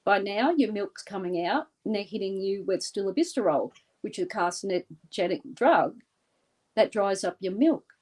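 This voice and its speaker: A woman from Australia, a guest in an interview, leading a guided visualization with an intense, deliberate, vivid way of telling. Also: medium pitch, lively intonation, darkish tone.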